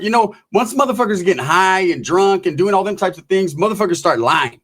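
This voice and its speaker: A man telling a profane, comedic story in an animated, swaggering way, full of slang. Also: high voice, a little fast.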